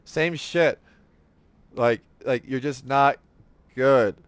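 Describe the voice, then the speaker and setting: A man's voice: medium pitch, drawn-out words, dry recording. A young man hosting a casual gaming podcast, rambling with lots of "like" and swearing, acting out what others said. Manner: rambling, profane, fillers like "like", acts out quotes. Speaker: podcast host. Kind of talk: casual chat.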